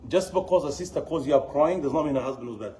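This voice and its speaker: A middle-aged man giving a religious lesson, telling stories in an animated way and mixing in Arabic phrases. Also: a little high, quick pace, slight background noise, rough recording. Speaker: Islamic teacher.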